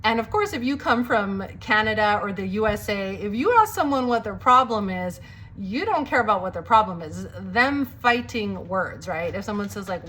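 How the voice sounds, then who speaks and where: A woman's voice: mid-range voice, normal speed, a bit bright, slight background noise. A woman who grew up in Greece, telling a personal testimony story and acting out the dialogue as she goes.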